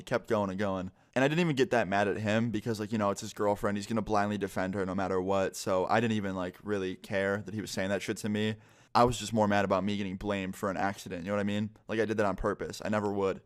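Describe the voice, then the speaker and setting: Young guy vlogger, lowish voice, chill swearing story time, says like a lot. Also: fairly even intonation, quick pace. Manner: casual, profane, heavy on "like".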